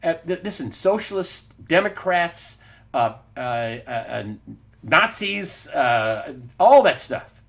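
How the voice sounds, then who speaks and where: A man's voice: on the high side, very animated, slow pace, gravelly, a bit bright. A man hosting a weekly news wrap-up, giving emphatic, combative political commentary and calling his listeners "folks.". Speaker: host of a weekly news show.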